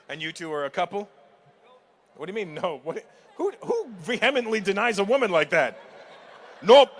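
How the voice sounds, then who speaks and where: Teasing stand-up comic, bright voice. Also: male voice, on the high side. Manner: teasing, laughing at his own jokes. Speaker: stand-up comedian. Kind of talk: stand-up crowd work. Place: live comedy venue with audience. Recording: live show with crowd and hall noise.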